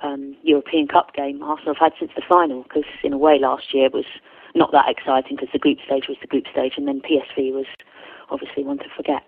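Gravelly woman on a phone line. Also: very deep voice, flat delivery, brisk. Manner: hesitant, thinking aloud. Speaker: guest pundit. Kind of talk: casual phone chat.

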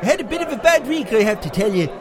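A man's voice: very high-pitched, very animated, racing, crowd noise, pitched above the performer's own voice. A man voicing a crude, boastful pub regular in a comic podcast monologue, rambling and swearing constantly. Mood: boisterous. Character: foul-mouthed Irish pub regular, middle-aged man, boastful and crude.

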